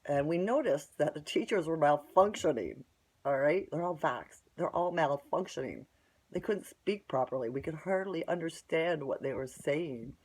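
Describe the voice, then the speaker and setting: A woman's voice: low voice, lively intonation, normal speed, a little mellow, slightly rough. A woman telling a long story in a casual, rambling way, bluntly scornful and tagging her sentences with "right?". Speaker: vlogger.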